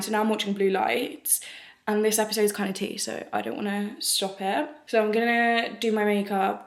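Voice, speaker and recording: A woman's voice: medium pitch, vocal fry. Chatty young woman vlogging to camera. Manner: chatty, rambling and self-mocking, swears casually. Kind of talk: casual vlog chat to camera.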